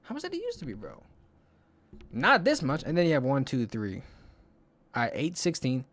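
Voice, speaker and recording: A man's voice: medium pitch, wildly swooping pitch, moderate pace, fairly bright tone. A young man hosting a solo podcast in casual chat, rambling and swearing, counting under his breath while he thinks aloud. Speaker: podcast host.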